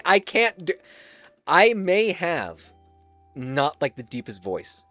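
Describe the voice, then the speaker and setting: A man's voice: high voice, big pitch swings, measured pace, fairly bright tone, dry recording, faint music behind. Laughing, chatty male game streamer. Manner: laughs often, swears casually, chats to viewers. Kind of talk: casual live-stream gameplay chat.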